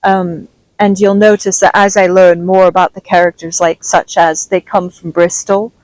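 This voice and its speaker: A woman's voice: mid-range voice, no echo, low-quality recording. A woman with a transatlantic accent reading a story aloud expressively, then chatting casually and self-deprecatingly with her listeners. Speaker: audiobook reader.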